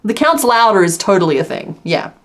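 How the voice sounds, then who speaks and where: A woman's voice: mid-range voice, big pitch swings, a little fast. A young woman chatting casually with her live-stream viewers while she crochets, laughing often and counting stitches under her breath. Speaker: crochet livestream host.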